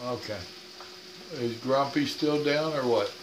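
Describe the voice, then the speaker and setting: A man's voice: mid-range voice, unhurried, background noise. An older man hosting a home cooking vlog, chatting in a rambling, folksy, plain-spoken way. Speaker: cooking channel host. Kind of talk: casual cooking vlog chat. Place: home kitchen. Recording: roomy kitchen sound, camera off at a distance.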